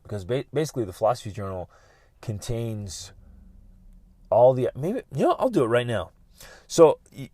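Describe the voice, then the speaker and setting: Middle-aged male podcast host, earnest and self-correcting, mid-pitched voice, dry close mic. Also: dark tone, no room sound. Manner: earnest, repeats words, many restarts. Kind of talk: motivational podcast talk.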